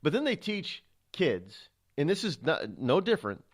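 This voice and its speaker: A male talk show host giving political commentary, halting often with restarts and sighs. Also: on the high side, huge pitch swings.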